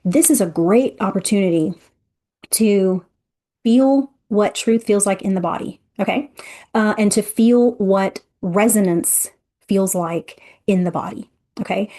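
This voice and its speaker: Woman running an energy workshop, warm mellow voice, chatty and expressive, talks right to you. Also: mid-range voice, measured pace. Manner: chatty and expressive, addresses listeners directly. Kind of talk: interactive workshop teaching.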